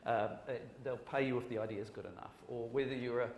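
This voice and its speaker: A man's voice: medium pitch, fairly even intonation, quick pace, a little mellow. A New Zealand man speaks on a conference panel, rambling and joking at his own expense, often restarting his sentences. His voice rings around an echoey hall over a faint background hiss. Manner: rambling, joking and self-deprecating, with frequent restarts. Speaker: panelist, screenwriter. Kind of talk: panel discussion.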